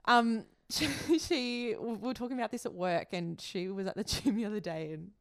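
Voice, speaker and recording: A woman co-hosting a podcast, chatting casually and chiming in with quick reactions to her guest. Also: medium pitch, smooth, no echo. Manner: responsive, chimes in with short reactions and laughs. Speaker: podcast co-host. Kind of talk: casual chat.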